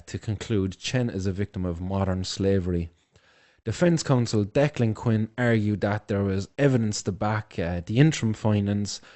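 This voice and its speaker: A man's voice: on the low side, darkish tone. An Irish man hosting a news vlog, tearful with a blocked nose, speaking with passion and heavy swearing. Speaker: host of a home news show.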